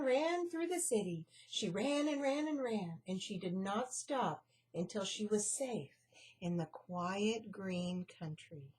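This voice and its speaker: A woman reading a children's storybook aloud at an unhurried pace. Her voice is fairly high and lively, with a soft, breathy quality. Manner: slow, expressive read-aloud.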